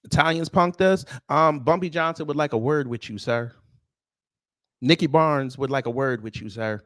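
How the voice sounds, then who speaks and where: A man's voice: a little high, moderate pace, a bit bright, no echo, clean studio sound. A man hosting a live-stream commentary show, answering his chat in a sarcastic, mocking and confrontational way. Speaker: host of a news commentary livestream.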